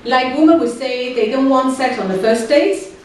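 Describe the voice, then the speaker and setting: A woman's voice: high-pitched, normal speed, darkish tone. Woman comic, dry hesitant delivery, heard from a distance over noticeable background noise. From Hong Kong. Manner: dry punchlines broken by frequent fillers and hesitations. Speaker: stand-up comedian. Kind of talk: stand-up comedy set. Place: comedy club stage. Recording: very echoey, distant stage mic with noise.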